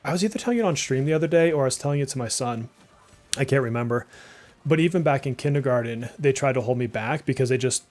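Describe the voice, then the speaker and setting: A man's voice: medium pitch, darkish tone. A man in his thirties from Massachusetts with a slight Massachusetts accent, chatting in a rambling way while streaming a game live and reacting aloud to play. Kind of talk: casual live gameplay chat.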